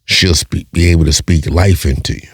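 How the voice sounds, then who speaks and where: Deep raspy dude ranting on his podcast, lots of "right?" questions, dry mic. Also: moderate pace, dry recording. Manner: blunt, profane, preachy; rhetorical questions, repeats himself. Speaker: podcast host. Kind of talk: casual monologue.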